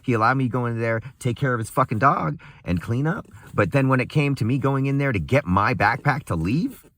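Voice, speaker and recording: A man's voice: medium pitch, brisk, a bit bright. A young man in a casual, angry, profane rant, laughing bitterly and swinging between muttering and a raised voice.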